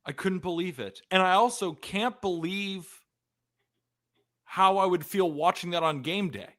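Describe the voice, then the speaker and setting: A man hosting a live sports podcast, reacting excitedly and rambling after a game. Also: sits high, measured pace.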